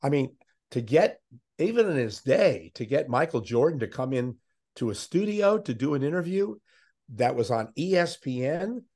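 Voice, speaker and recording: Older man telling lively sports stories. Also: mid-range voice, moderate pace. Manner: animated anecdotes, puts on voices of others. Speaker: interview guest, veteran sports interviewer. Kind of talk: conversational storytelling.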